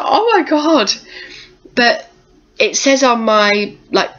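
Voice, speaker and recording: A woman's voice: fairly low pitch, a bit bright. A young woman, chatting casually to camera as a vlogger, full of ums, laughs and acted-out quotes. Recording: slightly dull lo-fi home video audio.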